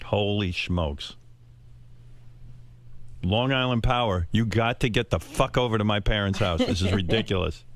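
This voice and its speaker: A man hosting a radio talk show, telling a story in a lively, profane way and acting out his family's voices. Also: lowish voice, normal speed, long pauses. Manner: animated, profane, acts out family members' voices.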